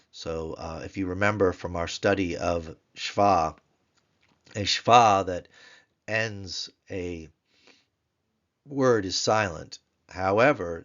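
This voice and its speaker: Low-voiced man drilling Hebrew words. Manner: wry, joking asides; repeats each word slowly to drill it. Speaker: Hebrew teacher. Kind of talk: recorded grammar lecture. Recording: dull lo-fi lecture recording.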